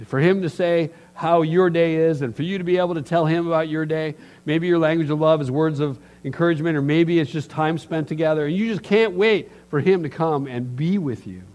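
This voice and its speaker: A man's voice: fairly high pitch, brisk, few pauses. A middle-aged man preaching a sermon as a pastor, telling stories and acting out the voices of the people in them. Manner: animated storyteller acting out voices.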